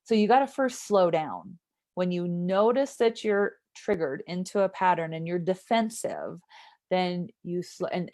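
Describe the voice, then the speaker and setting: A woman's voice: lowish voice, dark tone. A woman who works as a somatic trauma therapist, explaining earnestly as an interview guest and often checking in with "right?".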